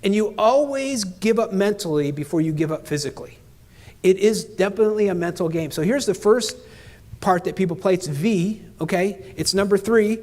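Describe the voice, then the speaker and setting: A middle-aged man giving an energetic motivational keynote, talking straight at the audience in punchy phrases. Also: high-pitched, moderate pace. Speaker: keynote speaker.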